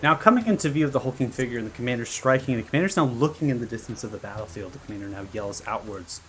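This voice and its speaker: A man narrating a tabletop battle as game master, measured and full of fillers. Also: medium pitch, lively intonation, soft background music.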